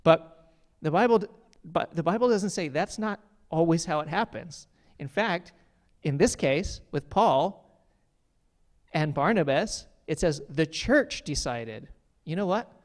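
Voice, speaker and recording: A male pastor gives a sermon in a relaxed, chatty way, leaning on filler words and speaking earnestly. His voice sits a bit higher than most men's. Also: unhurried. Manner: conversational, many "like" fillers, earnest.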